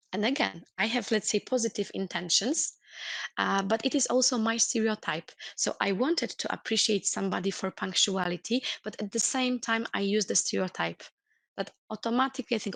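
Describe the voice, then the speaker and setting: Gravelly-voiced woman giving an earnest webinar lecture. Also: mid-range voice, moderate pace, a bit bright, no echo. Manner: earnest, explanatory, with many restarts and "let's say". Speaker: corporate trainer.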